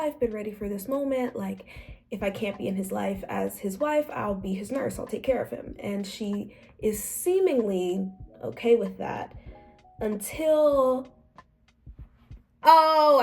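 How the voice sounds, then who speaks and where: Young woman, casual book review, chatty, soft music behind. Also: mid-range voice, creaky. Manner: chatty, acts out quotes in different voices. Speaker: book club vlogger.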